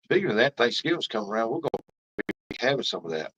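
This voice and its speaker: A man's voice: mid-range voice, big pitch swings, fast talker, fairly bright tone, husky. A man hosting a live fishing stream, chatting casually and rambling as he reads out viewer comments. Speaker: fishing livestream host. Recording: dull lo-fi stream audio.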